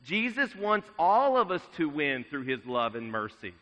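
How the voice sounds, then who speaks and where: A man preaching a sermon in a measured way, dropping his voice to a hush at solemn moments. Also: on the high side, sing-song. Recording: dull sound with long reverb in a large hall.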